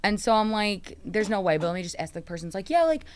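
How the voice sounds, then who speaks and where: A young woman podcast host spins animated stories in casual conversation, voicing the quotes herself and swearing a lot. Her voice is medium in pitch and fast.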